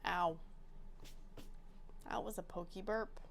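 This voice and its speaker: A woman's voice: medium pitch, expressive, slow, long pauses. A young adult woman hosting her crafting channel, chatting casually and bubbly, poking fun at herself. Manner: bubbly, chatty, self-mocking. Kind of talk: casual chat to camera.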